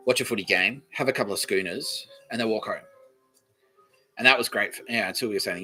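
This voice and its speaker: A man's voice: lowish voice, fairly quick, sharp tone, faint music behind, low-quality recording. An Australian man hosting a podcast, rambling casually and swearing freely. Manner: swears freely, loose and laughing. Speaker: podcast host.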